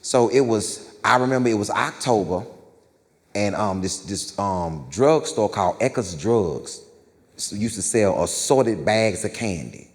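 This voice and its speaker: Low-voiced guy doing stand-up storytelling, slangy and loose, big reverby stage. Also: expressive, unhurried. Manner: loose, conversational, slangy, checks in with the crowd. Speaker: stand-up comedian.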